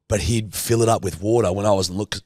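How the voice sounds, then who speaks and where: A man's voice: lowish voice, fast talker, darkish tone, dry recording, studio quality. A man, co-hosting a podcast and telling a rowdy story, swearing heavily. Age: 30s. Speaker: podcast co-host. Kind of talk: casual chat.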